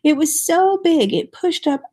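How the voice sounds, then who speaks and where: A woman's voice: high voice, a little slow. A woman reading a folk tale aloud, stopping now and then to explain what is happening in the story. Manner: expressive, explains the story as she goes.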